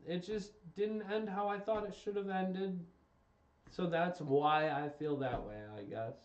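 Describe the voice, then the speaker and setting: Venting his exasperation on stream, this young man talks casually but emphatically and keeps repeating himself in a loose ranting commentary. He speaks a bit slowly in a high, slightly mellow voice. The mic is distant, giving roomy, dull lo-fi sound.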